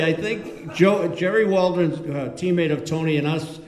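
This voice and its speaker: A man's voice: high voice, moderate pace, hardly any pauses. A man, a former teammate, telling a story to friends and acting out the lines he quotes. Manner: chatty, acts out quoted lines. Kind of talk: casual storytelling. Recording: echoey room.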